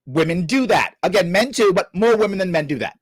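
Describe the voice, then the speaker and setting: A middle-aged man hosts a live reaction stream, scolding and sarcastic as he argues with a clip. His pitch swings widely from low grumbles to sharp high jabs. The sound is close and dry. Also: fairly quick, slightly rough, no room sound. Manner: animated, scolding, sarcastic, swearing. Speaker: show host reacting to a clip. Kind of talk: heated live-stream commentary.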